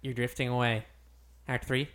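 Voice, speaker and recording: A man's voice: mid-range voice, flat delivery, moderate pace, a bit bright. A man hosting a podcast in casual chat, joking around and riffing on silly bits. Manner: jokey, goofs around with bits and laughter. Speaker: podcast host.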